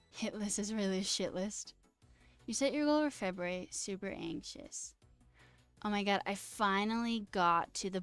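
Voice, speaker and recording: A woman's voice: medium pitch, a bit bright, smooth, no echo. A woman streamer chatting casually and reading out viewer questions, candid and self-deprecating, swearing freely. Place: home streaming setup.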